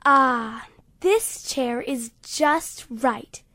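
A woman's voice: high-pitched, very animated, extremely slow, warm tone, no echo, full character voice. Goldilocks, a woman doing a whiny little girl. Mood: fussy. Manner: whiny, exclaiming, sighing. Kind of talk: storybook reading.

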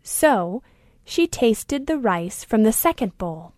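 Slow-reading female storyteller. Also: on the high side, sing-song, darkish tone, dry recording, studio quality. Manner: slow, deliberate reading for children.

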